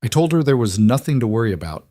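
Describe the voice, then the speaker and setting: A man's voice: medium pitch, sing-song, warm tone, no echo, studio quality. A man doing a rattled, worried woman. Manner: rattled, halting.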